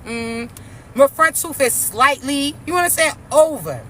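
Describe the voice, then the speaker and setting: A woman's voice: sits high, lively intonation, unhurried, slight background noise. A young woman ranting casually to her viewers, brash, profane and mocking as she talks. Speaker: spiritual vlogger. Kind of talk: casual rant to camera.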